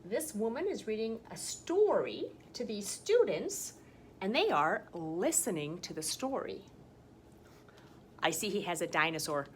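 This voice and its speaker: Slow sing-song kindergarten teacher woman. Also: medium pitch, sing-song, a little hiss or hum. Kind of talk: read-aloud science lesson for young children. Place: school campus, partly outdoors.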